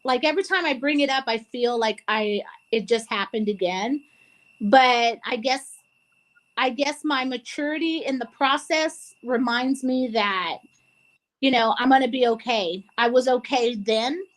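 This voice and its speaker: A woman's voice: a little high, unhurried, poor audio. A woman co-hosting a casual talk show, speaking earnestly and tearfully with many restarts. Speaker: co-host. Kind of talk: emotional casual chat.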